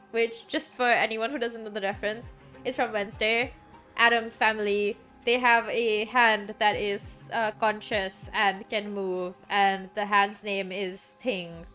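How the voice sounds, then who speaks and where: A woman's voice: medium pitch, measured pace, fairly bright tone, soft background music. A woman streamer giving casual, joking gameplay commentary, chatty and sometimes swearing.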